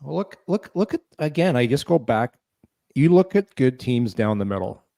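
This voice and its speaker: A man on a hockey talk show panel, breaking down team lineups in quick back-and-forth talk. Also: mid-range voice, big pitch swings, gravelly, dark tone, dry recording.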